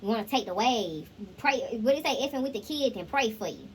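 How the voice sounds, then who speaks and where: A woman's voice: on the high side, animated, fast, a little hiss or hum, rough recording. Chatty woman giving a tarot reading. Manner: chatty, sings snippets, addresses viewers directly. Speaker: tarot reader.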